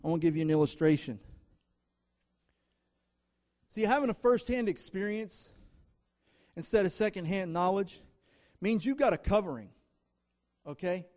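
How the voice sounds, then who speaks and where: A man with a notably high voice delivers a sermon to a congregation, speaking emphatically. He stacks up short, punchy phrases in rhythmic lists and addresses the people in front of him directly. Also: lively intonation, moderate pace, pauses often, darkish tone. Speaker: guest preacher. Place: church before a congregation.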